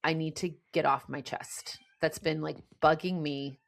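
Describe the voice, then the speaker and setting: A woman from the United States hosts a casual podcast conversation. Her voice sits a little low, and she talks earnestly and frustratedly, circling back and restarting her sentences as she goes. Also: fairly even intonation, measured pace, vocal fry. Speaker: podcast host.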